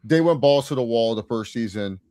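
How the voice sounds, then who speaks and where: A man's voice: mid-range voice, lively intonation, moderate pace, warm tone, no echo, studio quality. Enthusiastic man talking TV on a podcast. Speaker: podcast co-host. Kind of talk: casual TV episode recap chat.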